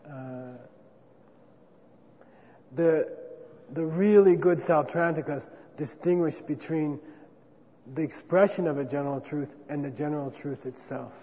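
Male teacher, fairly high voice, casual lecture, echoey hall with faint noise. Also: measured pace, pauses often, dark tone. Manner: conversational, checks in with frequent 'okay?'. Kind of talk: classroom lecture on Buddhist philosophy. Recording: dull lo-fi sound with long reverb.

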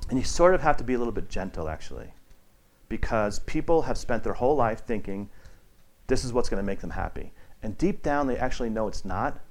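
A man at a middling pitch leads an informal meditation teaching. He rambles and restarts often. He livens things up by acting out the people he quotes. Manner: rambling and conversational, with many restarts and fillers. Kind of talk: casual teaching talk to a group.

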